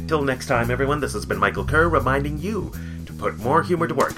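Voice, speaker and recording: A man's voice: mid-range voice, expressive, fast talker, over music. A man hosting a podcast, reading workplace tips in an upbeat, playful, jokey way. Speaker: podcast host.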